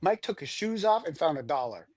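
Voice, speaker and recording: A man's voice: fairly high pitch, big pitch swings, a little fast, a crowd in the background. Boisterous, foul-mouthed male guest. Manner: boisterous, profane. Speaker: podcast guest. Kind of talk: casual storytelling.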